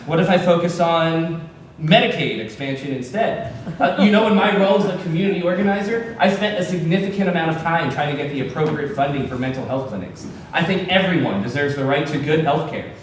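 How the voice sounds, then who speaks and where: A man's voice: a little high, brisk, a little hiss or hum. Hesitant, stammering man in an echoey room. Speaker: political candidate. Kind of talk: scripted comedy sketch. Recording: echoey room, distant mic.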